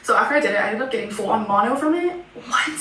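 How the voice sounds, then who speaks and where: In a rapid-fire, fairly bright voice on the high side with lively intonation, a woman YouTuber chats casually while reading viewer confessions aloud, giggling in asides. Faint hiss, an echoey room and a far-off mic mark the recording.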